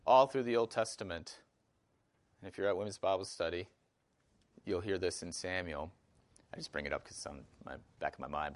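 A man leads a Bible study in a low, slightly bright voice marked by a Wisconsin accent. His style is conversational, full of fillers and questions directed at the group.

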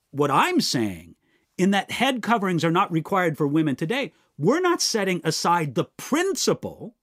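A man's voice: high voice, no echo, studio quality. Guy answering bible questions live, earnest, voice swings up and down a lot. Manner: earnest, explanatory, addresses questioners by name. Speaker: Bible teacher.

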